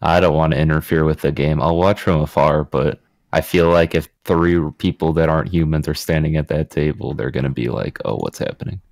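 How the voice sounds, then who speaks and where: Very deep male voice, dry and wry, casual game-table chat. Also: fairly even intonation, fairly quick, darkish tone. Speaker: player.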